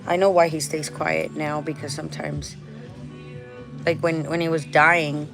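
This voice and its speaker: In a restaurant, a woman vlogger chats casually over music, rambling and often restarting, laughing a lot and slipping in Spanish phrases. Her deep, creaky voice is flat and a little slow.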